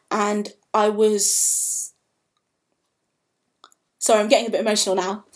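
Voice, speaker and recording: A woman talks straight to camera in a personal vlog. Her voice sits a little high, and she speaks in candid, halting bursts, emotional and raw. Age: 20s. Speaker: vlogger.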